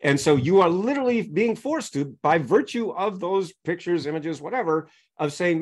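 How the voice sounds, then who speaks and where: Speaking at a normal speed with hardly any pauses, this man has a high, animated voice. As a guest coach on a podcast, he explains his approach through examples, constantly tossing in "right?" to make sure listeners are following.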